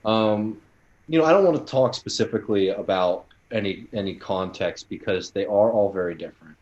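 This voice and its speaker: A man's voice: lowish voice, moderate pace, darkish tone, lo-fi sound. An American man co-hosting a casual panel chat, reading listener questions and rambling with many fillers. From United States.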